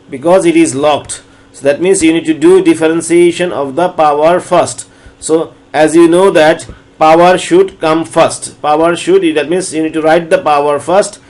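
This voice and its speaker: A man lecturing on differential calculus, walking through each step slowly and repeating phrases as he explains. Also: on the high side, a little mellow. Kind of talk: recorded math lecture.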